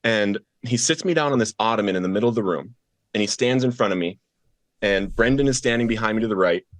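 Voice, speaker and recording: A man's voice: lowish voice, fast talker, no room sound. A man as a podcast guest, earnestly telling his personal testimony and acting out the voices of the people in his story.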